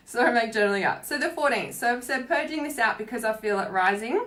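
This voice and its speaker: Woman spiritual coach, casual livestream, rambles with lots of "like," swears freely, slightly high voice. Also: a little fast, fairly bright tone.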